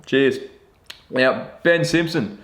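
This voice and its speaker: A young Australian man answering viewer questions about fishing in a relaxed, joking, self-deprecating chat full of slang. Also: mid-range voice, slow pace. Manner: laid-back, matey slang, self-deprecating. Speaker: fishing vlogger. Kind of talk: casual Q&A chat.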